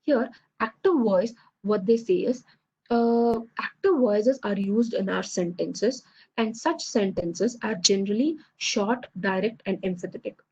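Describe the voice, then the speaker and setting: Husky-voiced woman teaching a class. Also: medium pitch, a little slow, warm tone, muffled recording. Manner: explanatory, many fillers and checks like "okay, fine". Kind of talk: online class lecture.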